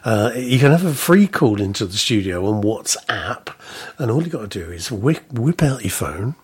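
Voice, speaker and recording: A chatty man hosting an evening radio show from the studio. His voice is very raspy and rough, and he chuckles easily as he reads out quiz questions in a relaxed, self-mocking way. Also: medium pitch, a little slow. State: slightly rough voice. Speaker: radio presenter. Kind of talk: casual local radio chat.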